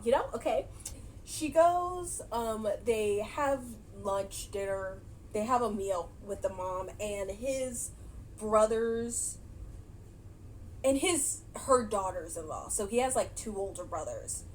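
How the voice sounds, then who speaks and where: A woman's voice: mid-range voice, expressive, slow, slight background noise, poor audio. A woman casually recapping a movie she watched, chatty and laughing often, with many fillers. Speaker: movie reaction vlogger.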